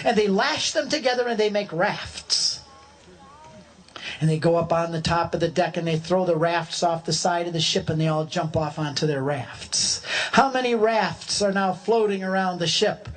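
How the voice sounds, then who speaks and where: A man in his sixties telling his conversion story as a humorous, animated parable, acting out voices and shouting in places. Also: high voice, moderate pace. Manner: preacherly, builds a long parable.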